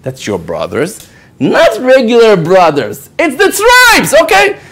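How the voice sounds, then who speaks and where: A rabbi with an extremely high-pitched voice takes his time narrating a Torah story to a live audience. A native Hebrew speaker, he performs the voices of those he quotes and keeps asking "okay?" as he goes.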